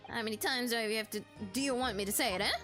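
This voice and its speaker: A woman voicing a rough-talking male street peddler from London, gruff and folksy, who ends his lines with "eh" and "lad", over game music. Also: a little high, rapid-fire, close to an everyday voice. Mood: defensive.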